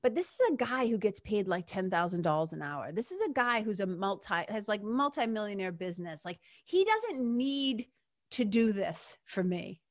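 A woman's voice: mid-range voice, no room sound, studio quality. Gushing woman podcast host. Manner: animated, gushing, fast bursts, casual swearing. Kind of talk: excited solo podcast storytelling.

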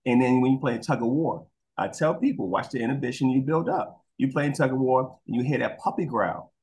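A man with a voice that leaps up and down as he talks, animated and full of energy. He tells his stories in a casual interview, swears freely and slips into quick voices for the dogs and people in them. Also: mid-range voice, a little hiss or hum. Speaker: guest, crime scene investigator.

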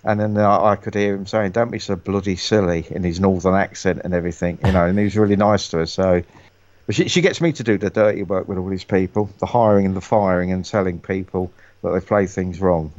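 Deep-voiced British man, rambling chat. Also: fairly quick, darkish tone, no echo, muffled recording. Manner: rambling, stumbling restarts. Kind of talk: casual chat.

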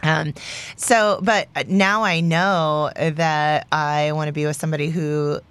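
A woman's voice: low voice, fairly even intonation, slow pace, fairly bright tone, smooth. A woman in her late thirties co-hosting a podcast, sharing firm opinions in casual chat with many fillers. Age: late 30s. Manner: reflective, emphatic opinions with frequent fillers. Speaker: podcast co-host.

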